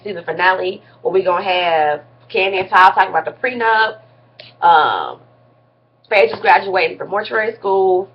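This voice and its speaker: A woman's voice: fairly low pitch, highs cut off. A woman vlogger giving a casual, blunt and slangy recap of a reality TV episode, with some mild cursing.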